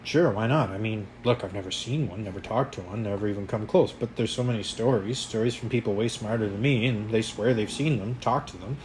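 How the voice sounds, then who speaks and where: A man voicing a warm, hopeful middle-aged father who talks gently and chokes up a little, in an audiobook reading. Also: fairly low pitch, fairly quick, few pauses, a little hiss or hum, natural voice. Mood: gentle. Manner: gentle, eager, choking up.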